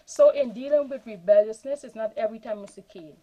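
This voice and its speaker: A woman's voice: a little high, a little fast, creaky, hardly any pauses, poor audio. A woman, a former school counselor telling a case story on a panel. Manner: animated anecdote telling.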